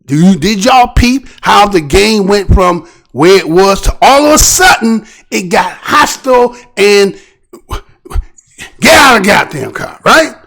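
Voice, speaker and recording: High-pitched, animated male commentary host. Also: unhurried, gravelly. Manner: animated, preachy, rhetorical questions. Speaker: show host. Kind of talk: commentary on a news video.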